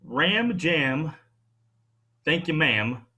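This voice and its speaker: A man's voice: on the high side, lively intonation, extremely slow, bright, forceful tone, husky. A man hosting a wrestling podcast in loose, playful casual chat, teasing his co-host and using slang.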